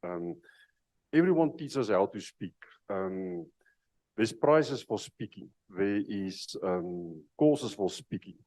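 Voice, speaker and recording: A man facilitating a dialogue event, speaking in a measured way with frequent pauses and fillers. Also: fairly low pitch, lively intonation, warm tone, no room sound, poor audio. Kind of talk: opening remarks as facilitator.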